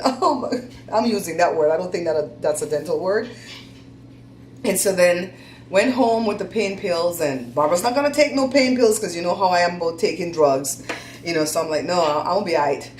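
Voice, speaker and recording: A woman's voice: lowish voice, echoey room, a little hiss or hum, rough recording. A woman hosting a casual chat, telling stories in a chatty, laughing, folksy way. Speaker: host.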